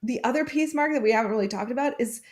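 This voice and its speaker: A woman's voice: fairly high pitch, very fast, darkish tone. A woman sales coach speaking as a podcast guest, encouraging and laughing easily. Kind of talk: podcast interview.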